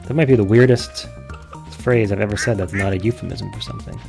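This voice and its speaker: Casual, swearing low-voiced man gaming. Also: fast talker, gravelly, music in the background. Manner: casual, profane and self-mocking. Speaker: gaming streamer. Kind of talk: let's play commentary.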